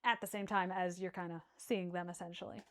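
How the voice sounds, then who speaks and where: A woman's voice: lowish voice, steady tone, a little fast. A woman narrating a tabletop game as dungeon master, chatty and full of fillers and giggles.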